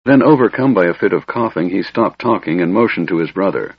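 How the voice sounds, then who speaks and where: A man narrating a fantasy audiobook in a measured, even storytelling manner, on a dull lo-fi recording. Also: deep voice, husky, no room sound.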